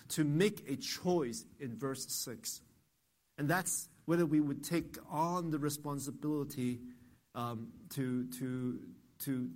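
A man preaching an expository sermon in an earnest, teaching manner, often repeating and restarting words and putting questions to the listeners. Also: on the high side. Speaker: pastor.

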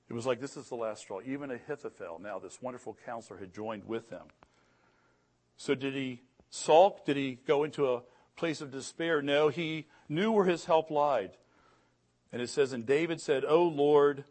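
A middle-aged man delivers a sermon, earnest and building emphasis on key phrases. His voice sits a bit higher than most men's. He often repeats and restarts words as he preaches. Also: husky. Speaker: pastor.

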